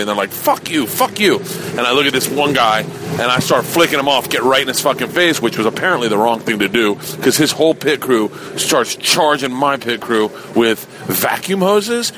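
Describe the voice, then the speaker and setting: Male podcast host, mid-pitched, loose profane dream-story monologue with faint background noise. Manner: rambling, profane, animated storytelling.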